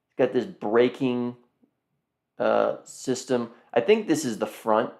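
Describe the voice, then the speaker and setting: A man's voice: mid-range voice, slow, creaky, darkish tone. A man hosting a live car auction stream, chatting casually and rambling, often repeating himself and talking to viewers as "guys". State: yawning, tired. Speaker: car auction livestream host.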